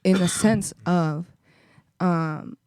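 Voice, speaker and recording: A woman's voice: on the low side, very slow, darkish tone, clean tone, dry recording, clean studio sound. Woman hedging her way through a point. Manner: hedging, filler-heavy, laughs between points. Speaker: podcast guest. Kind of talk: casual chat.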